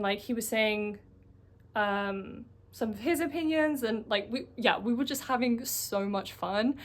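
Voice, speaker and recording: A woman vlogger telling a personal story in a chatty, casual way, full of fillers. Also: on the high side. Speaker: coaching vlogger.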